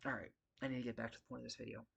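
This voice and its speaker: A man's voice: medium pitch, level tone, rapid-fire, vocal fry, a bit bright, breathy edge, dull audio. A man who works as a security guard, venting in a casual vlog, frustrated and profane, rambling and circling back to his points. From Las Vegas area.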